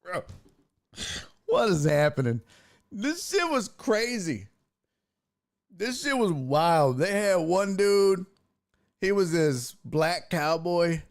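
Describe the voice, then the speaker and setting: A man hosting a podcast, telling a comedic story in a profane, animated way and acting out what he said. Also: high voice, slow, long pauses. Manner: profane, animated, acts out his own quotes. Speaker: podcast host.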